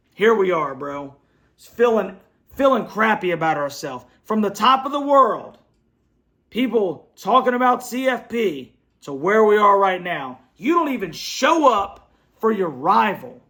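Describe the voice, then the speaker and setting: A man's voice: sits high, big pitch swings, a little slow, a bit bright. A man hosting a fan show, ranting bluntly and repetitively in frustration after a loss, speaking from his computer at home. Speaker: sports fan show host. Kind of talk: angry post-game rant. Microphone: computer setup.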